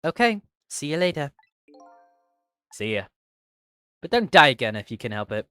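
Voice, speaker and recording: Lively streamer voicing a game's dialogue. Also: mid-range voice, moderate pace, clear, resonant tone, dry recording, faint music behind. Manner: reads characters' lines, then jokes and swears in between. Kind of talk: playing a game and voicing its dialogue aloud.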